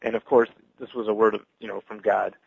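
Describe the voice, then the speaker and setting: Man, gravelly, dry close sound, dull lo-fi recording, halting earnest testimony. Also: on the low side, level tone, no echo. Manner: halting, earnest, many restarts. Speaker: Christian evangelist sharing testimony. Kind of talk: personal testimony, casual.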